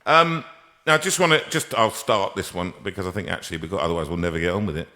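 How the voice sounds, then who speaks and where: A man's voice: deep voice, quick pace, bright, forceful tone. A man hosting a casual live stream from a music room, telling jokes in a rambling, playful way with many restarts. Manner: jokey, rambling with restarts, tells puns. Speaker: singer and host. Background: piano.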